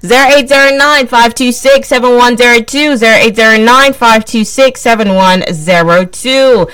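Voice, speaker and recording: A woman's voice: fairly high pitch, moderate pace, fairly bright tone, clean tone, no echo. Playful woman radio presenter. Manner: playful, teasing, repeats herself. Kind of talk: lively radio call-in chat.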